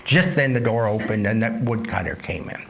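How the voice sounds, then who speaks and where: A man telling a folk tale at an unhurried pace during a dharma talk at a retreat center. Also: fairly low pitch, animated, a little hiss or hum. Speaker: yoga and dharma teacher.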